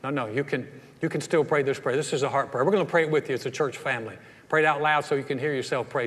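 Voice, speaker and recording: A man preaching a sermon as pastor, telling a story in an animated way and acting out the voices, then leading a quiet altar call. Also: mid-range voice, fast talker. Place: church sanctuary. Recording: hall reverb.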